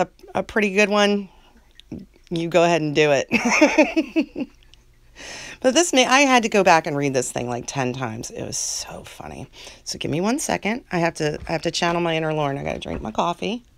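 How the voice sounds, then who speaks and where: A woman's voice: fairly low pitch, big pitch swings, normal speed, no room sound. A woman who hosts a channel, chatting casually to her viewers in a rambling way and laughing often. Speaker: channel host.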